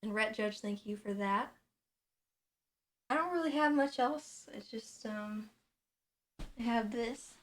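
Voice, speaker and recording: A woman's voice: fairly high pitch, slow pace, long pauses. Chatty woman streamer at home. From United States. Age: late 20s. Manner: chatty, relaxed, with frequent ums and laughs. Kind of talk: casual live-stream chat. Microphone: boom microphone.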